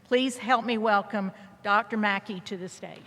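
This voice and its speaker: A woman's voice: mid-range voice, normal speed, heavy background noise. A woman introducing a guest speaker at a graduation ceremony, reading from a prepared text. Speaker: ceremony presenter. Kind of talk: formal introduction read aloud. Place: large hall. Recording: long reverb of a large hall.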